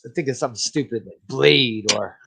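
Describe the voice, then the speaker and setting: A man's voice: medium pitch, a little fast, creaky, fairly bright tone, a little hiss or hum. A man co-hosting a casual movie-review podcast, blunt and profane, laughing often as he gives his opinions. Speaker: podcast co-host.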